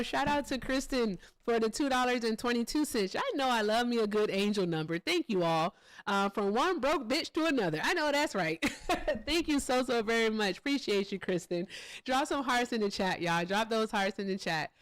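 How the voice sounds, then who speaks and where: A woman's voice: a little high, expressive, normal speed, dry recording. Chatty, laughing livestream host woman. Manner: chatty, laughs often, swears freely. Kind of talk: casual live-stream chat, thanking donors.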